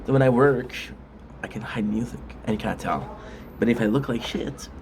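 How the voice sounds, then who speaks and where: A man's voice: mid-range voice, normal speed, background noise. A man chatting casually on a live stream while eating spicy food, rambling with restarts and frequent mm sounds.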